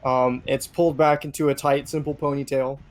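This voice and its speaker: A man acting as game master, narrating a tabletop game in a hesitant way with many pauses and fillers. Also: medium pitch, little pitch movement, a little hiss or hum. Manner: hesitant, lots of ums.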